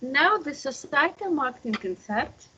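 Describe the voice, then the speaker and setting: A woman's voice: high voice, animated, unhurried, pushed and bright, a little hiss or hum. A woman teaching a marketing course over a video call. She explains patiently and keeps checking in with her students. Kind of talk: online lecture. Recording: muffled lo-fi call audio.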